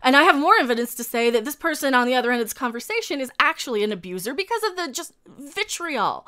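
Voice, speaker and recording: A woman's voice: high voice, sing-song, quick pace, few pauses, sharp tone. A woman YouTuber ranting heatedly to camera, profane and combative, answering her critics directly and repeating herself when worked up.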